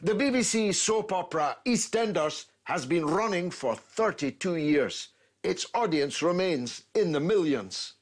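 Lively older male interview host. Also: sits high, measured pace. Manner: lively, pointed questioning with asides. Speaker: talk show host. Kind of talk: broadcast interview.

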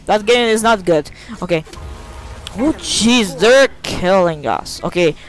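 High-pitched male gamer, cursing live commentary, frustrated with shouty outbursts. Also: poor audio. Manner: frustrated, swearing, bursts into shouts. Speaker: gaming video creator. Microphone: desk microphone.

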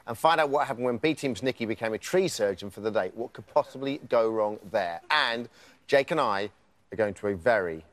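A man hosting a lively TV spin-off show, cheeky and upbeat. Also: medium pitch, a little fast. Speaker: TV presenter.

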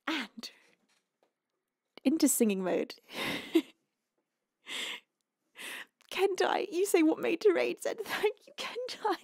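A woman's voice: high voice, sing-song, slow pace, gravelly, pauses often, darkish tone, no room sound, clean studio sound. A woman streaming live and reading out donation messages, gushing and laughing, on the edge of tears. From United Kingdom. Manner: gushing, emotional, laughing often. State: tearful, close to crying. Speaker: livestreaming singer. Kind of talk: casual chat reading donations.

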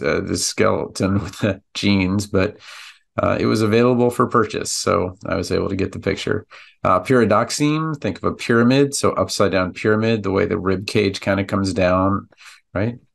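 Guy with a low gravelly voice, laid-back podcast lesson, lots of uhs. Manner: relaxed, chatty, with many fillers. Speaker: pharmacist podcast host. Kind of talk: narrated slide lesson.

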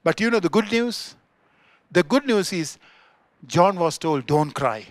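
Sri lankan guy preaching a sermon, kinda high voice, gets loud then goes quiet, dry close sound. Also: lively intonation, a little slow, dry recording. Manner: swings between loud emphatic peaks and quiet low asides. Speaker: pastor. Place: church.

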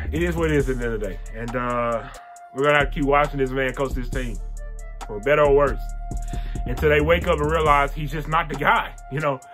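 A man's voice: medium pitch, fairly even intonation, brisk, soft background music. A man hosting a casual sports reaction video, ranting in exasperation and repeating the same phrases over and over.

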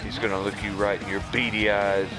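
A man voicing a brash male wrestler who taunts a rival in a loud, boastful way. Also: lowish voice, level tone, brisk, over music, close to an everyday voice. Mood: boastful taunting. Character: brash male wrestler hurling trash talk.

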